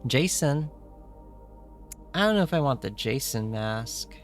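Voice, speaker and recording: A man streaming a story game live, reacting in a playful, excitable way with jokey asides. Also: medium pitch, measured pace, soft background music. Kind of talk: live playthrough commentary.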